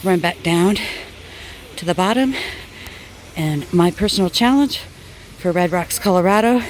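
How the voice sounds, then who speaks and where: A woman's voice: on the low side, lively intonation, a little slow, a little hiss or hum. A woman hosting her own channel, chatting casually and out of breath to viewers while filming herself outdoors on a hillside amphitheater with a handheld phone. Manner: chatty, talks straight to viewers. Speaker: crafting channel host. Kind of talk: casual vlog chat. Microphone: handheld phone camera.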